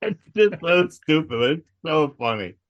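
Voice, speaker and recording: A man's voice: fairly high pitch, big pitch swings, unhurried, lo-fi sound. A middle-aged man co-hosting a podcast, eagerly retelling funny cartoon scenes. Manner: enthusiastic, laughs while telling cartoon bits. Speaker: podcast co-host. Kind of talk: casual chat.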